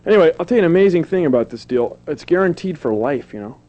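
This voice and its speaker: A fast-talking man with a slightly high, warm voice and lively intonation does a goofy comedy set on a television show. Mocking himself, he keeps jumping into silly put-on voices, all heard through a dull, lo-fi old TV recording.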